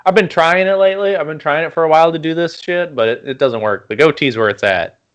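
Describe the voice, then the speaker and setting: A man's voice: quick pace, a bit bright, clear, resonant tone. A man hosting a casual podcast, mostly murmuring short agreements and chiming in with jokes. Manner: brief murmured agreements, low-key. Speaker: podcast host.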